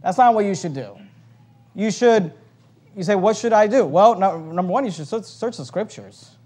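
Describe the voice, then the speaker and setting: A man preaching a sermon in an animated, joking way, reading scripture aloud between his points. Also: high-pitched, normal speed, slightly rough. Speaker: pastor.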